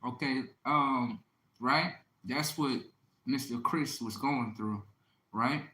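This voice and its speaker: A man's voice: medium pitch, slow pace, sharp tone, a little hiss or hum. A man in his thirties telling a crude story in a brash, profane monologue, often checking in with "right?". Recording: echoey room.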